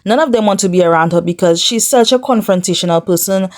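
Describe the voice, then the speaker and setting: A woman's voice: mid-range voice, fast talker. Female vlog host, mid-range voice, casual and sassy reality TV gossip recaps. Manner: sassy, chatty, talks straight to viewers and the cast. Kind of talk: casual recap commentary to camera.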